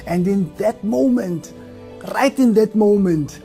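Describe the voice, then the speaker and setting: A man's voice: high voice, animated, takes it slowly, dark tone, faint music behind. Stuttering man giving an earnest testimony. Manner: heavy stutter with repeated syllables; earnest, emotional, rising to fervent outbursts. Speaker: church member giving testimony. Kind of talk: personal testimony.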